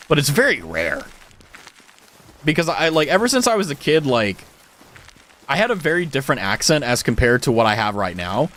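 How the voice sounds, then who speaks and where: A young adult man with an American accent, a streamer telling stories in casual chat with his viewers, full of fillers and swearing. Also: medium pitch. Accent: General American. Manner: animated storytelling, frequent swearing, many fillers.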